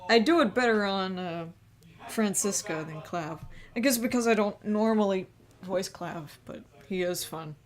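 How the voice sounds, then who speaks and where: A woman's voice: mid-range voice, measured pace. Laid-back woman streamer, self-mocking. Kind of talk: casual gameplay commentary. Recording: loud game music behind.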